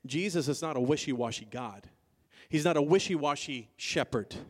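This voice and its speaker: A male pastor preaching a sermon, moving from quiet, soft passages to loud, emphatic declarations and calling out to the congregation. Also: a little high, moderate pace. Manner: calls to the congregation.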